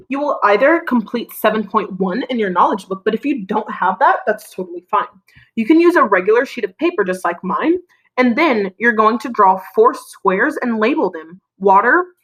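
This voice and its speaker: A woman teacher giving a recorded lesson to children, prompting them with clear, encouraging call-and-response. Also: fairly high pitch, fairly bright tone, poor audio.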